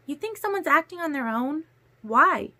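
A woman's voice: high voice, expressive, normal speed, sharp tone, pitched above the performer's own voice. A woman voicing a young female vampire who answers coldly and insistently in a storybook reading. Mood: cool, defensive. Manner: cold, clipped replies.

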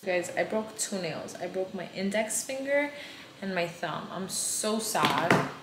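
A woman's voice: mid-range voice, animated, unhurried, heavy background noise. A woman in her twenties, a mom vlogging in a casual, candid, chatty way and swearing freely. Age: 20s. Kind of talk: casual vlog chat.

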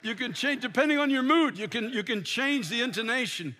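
A man's voice: extremely high pitch, expressive, brisk, sharp tone. An older man preaching a sermon from a church pulpit, impassioned and full of restarts. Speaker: pastor. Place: large church sanctuary.

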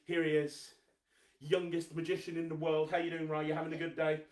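A man hosting a live children's magic show, energetic, coaxing and teasing as he gets the viewers to clap and cheer. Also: a little high, fairly quick, reverberant, far from the mic. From England. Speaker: host, magician.

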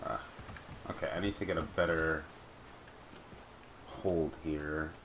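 A man's voice: a bass voice, fairly even intonation, takes it slowly, noisy background. A man hosting a let's play, chatting casually over gameplay and talking back to the game and its creatures.

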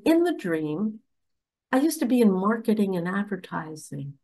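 A woman earnestly telling a personal story about a nightmare, speaking with emphasis. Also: medium pitch. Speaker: religious speaker.

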